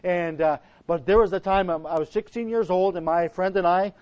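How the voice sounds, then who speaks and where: A middle-aged pastor with a notably high voice preaches in a homely, meandering way, often stopping and restarting his sentences. The sound is muffled and lo-fi. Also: fairly even intonation, moderate pace, a little mellow. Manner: folksy, rambling, frequent restarts. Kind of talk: sermon with personal story. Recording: dull lo-fi recording.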